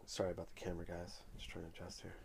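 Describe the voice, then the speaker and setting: Flat-voiced man telling a casual anecdote. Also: low voice, gravelly, very noisy. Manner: unhurried, conversational storytelling. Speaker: comic collector vlogger.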